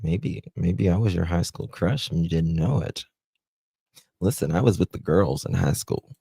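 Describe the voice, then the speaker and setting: A man from the United States with a Southern American accent, hosting a casual live stream, chatting with viewers and reading their comments aloud with plenty of "um" pauses. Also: deep voice, gravelly, mellow, husky, dry recording. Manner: chatty, self-deprecating, many "um" pauses. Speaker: livestream host.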